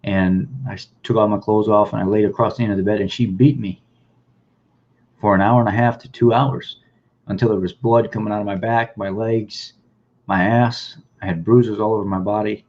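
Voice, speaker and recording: Low-voiced man telling his story. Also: fairly even intonation, darkish tone. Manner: halting, repeats words, plain spoken. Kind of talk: personal storytelling, reading news clippings aloud. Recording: dull, lo-fi sound.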